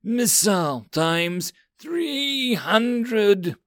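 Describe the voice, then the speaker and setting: A shrill, tearful little girl mage, bratty and sobbing as she lashes out, as a male audiobook narrator puts her on. Her pitch leaps high and swings wildly between wails, in a dry, close recording. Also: big pitch swings, extremely slow, dry recording, full character voice. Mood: shrieking.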